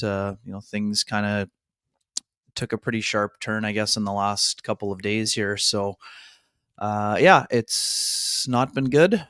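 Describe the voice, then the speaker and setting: Man podcast co-host, low smooth voice, measured, filler-heavy. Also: fairly bright tone, dry recording, clean studio sound. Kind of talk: somber reflective chat.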